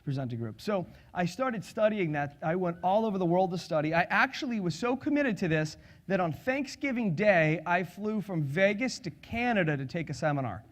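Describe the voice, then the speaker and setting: A middle-aged man with a notably high voice presents a sales seminar to a live audience. He is energetic and playful, joking with the room and asking the listeners questions. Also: moderate pace, hardly any pauses. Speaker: sales and public speaking trainer.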